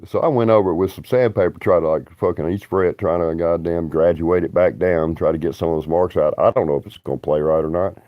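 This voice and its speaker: A man's voice: low voice, fairly even intonation, fast, hardly any pauses, dry recording, narrow, tinny audio. A man, rambling bluntly and profanely on a livestream.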